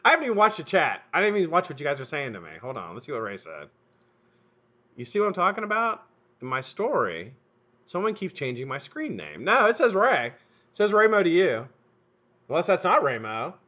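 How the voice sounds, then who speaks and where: A middle-aged man hosting a live stream, telling a profane, animated story while he works. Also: on the high side, brisk, husky. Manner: animated, profane, laughs at his own story. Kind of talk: casual storytelling while building coils. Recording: dull lo-fi stream audio.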